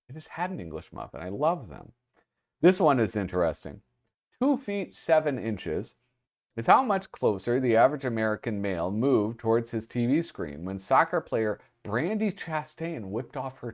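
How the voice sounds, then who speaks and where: A man hosting a casual read-through, reading passages aloud and breaking off for chatty asides and chuckles. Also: fairly low pitch. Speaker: host.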